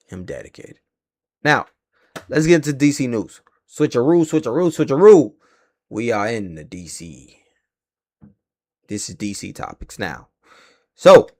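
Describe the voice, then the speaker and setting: Young male live-stream host, profane angry rant, animated swings in pitch. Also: no room sound, studio quality.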